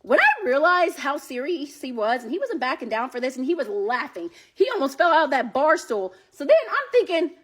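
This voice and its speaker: Animated high-voiced woman telling a story. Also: a little fast, hardly any pauses. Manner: animated, talks straight to listeners, swears. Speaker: storyteller recounting a date. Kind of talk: casual storytelling.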